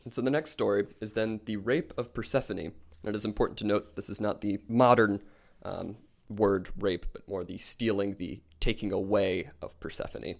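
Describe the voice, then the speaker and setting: Calm low-voiced man retelling myths. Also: moderate pace, creaky. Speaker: podcast co-host. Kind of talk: casual podcast storytelling.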